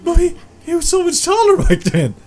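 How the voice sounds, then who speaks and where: A man hosting an anime reaction video, bursting into excited exclamations and shouts, then dropping into hushed awe. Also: very high voice, brisk. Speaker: reaction channel host.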